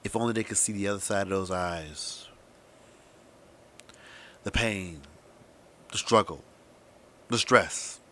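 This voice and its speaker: A man with a slightly low voice holds forth as a podcast host in a comedic rant. He is sarcastic and crude, punching some words loudly and muttering others under his breath. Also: slow, long pauses. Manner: sarcastic, profane ranting; shifts between loud emphasis and muttered asides. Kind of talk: comedic monologue.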